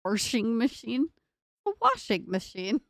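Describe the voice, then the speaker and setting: A woman's voice: on the high side, very animated, unhurried, fairly bright tone, no echo, clean studio sound. A young woman chatting casually on a live stream from her computer desk, giggling often, with a northern US accent tinged by a Southern drawl. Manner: giggly, laughs often, rambling self-talk. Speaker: livestreamer. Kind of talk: casual live-stream chat while building.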